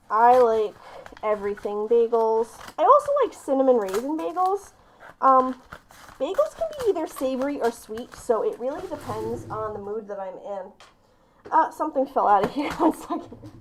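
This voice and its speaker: A woman's voice: on the high side, slight background noise. A woman live-streaming as she opens gifts, chatting casually and gushing with delight. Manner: bubbly and gushing, often breaking into squeals and laughs.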